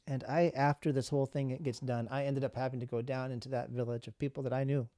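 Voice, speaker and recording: A man's voice: mid-range voice, flat delivery, fast talker, mellow, dry recording, clean studio sound. A middle-aged man from the United States, a guest telling a personal story in an earnest way, often repeating words for emphasis.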